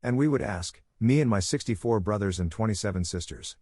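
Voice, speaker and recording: Low-voiced man reading stories aloud. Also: lively intonation, brisk, mellow, no room sound, studio quality. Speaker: narrator of online stories. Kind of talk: read-aloud story narration.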